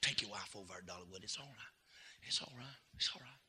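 A man preaching a fiery sermon, calling out to the congregation and swinging from hushed asides to shouting. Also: fairly low pitch, quick pace, husky.

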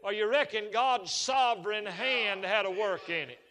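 Folksy preacher in an echoing hall. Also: male voice, sits high, a little slow. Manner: folksy storytelling, building to shouted fervor. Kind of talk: sermon.

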